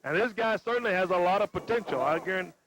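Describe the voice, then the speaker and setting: A man doing excitable play-by-play for a wrestling match. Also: high voice, fast. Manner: excitable, exclaiming calls. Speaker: play-by-play announcer. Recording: noisy lo-fi TV broadcast.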